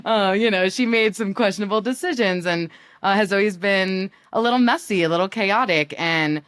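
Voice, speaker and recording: A woman's voice: medium pitch, normal speed, a bit bright, clear, resonant tone. A woman in her thirties from New York, chatting as a guest, teasing and laughing often. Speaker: guest, business partner. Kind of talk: casual chat.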